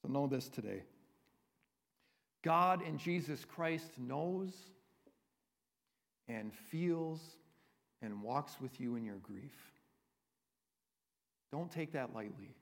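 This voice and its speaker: A man's voice: mid-range voice, lively intonation, slow, gravelly, pauses often. A man preaching a sermon as a pastor, earnest and conversational, often checking in with the congregation. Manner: earnest, conversational preaching with frequent tag questions. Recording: long reverb of a large hall.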